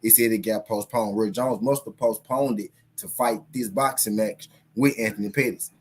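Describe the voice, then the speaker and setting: A man's voice: fairly low pitch, fairly even intonation, normal speed, darkish tone, husky. A man hosting a casual boxing talk stream. He swears freely, talks straight to his viewers and reads a news article aloud. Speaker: boxing channel host. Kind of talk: casual live commentary, reading an article aloud.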